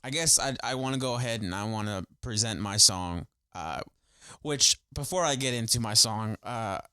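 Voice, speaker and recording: A young man co-hosting a casual podcast, his voice bright and forward and the sound very dry. He talks with eager enthusiasm, swears freely and fills his sentences with "like." He keeps it loose and chatty. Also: on the low side, normal speed, smooth, no echo. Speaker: podcast co-host. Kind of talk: casual chat.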